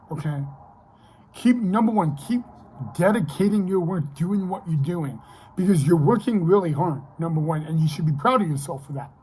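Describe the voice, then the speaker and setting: A man's voice: high voice, a little mellow, husky, poor audio. A young man vlogging casually, telling a long personal story in a rambling way, repeating himself and checking in with "okay".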